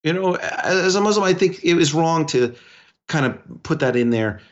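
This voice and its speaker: A man co-hosting a podcast, telling a story in a rambling, animated way with lots of restarts. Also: fairly high pitch, moderate pace, lo-fi sound. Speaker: podcast co-host. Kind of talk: casual podcast conversation.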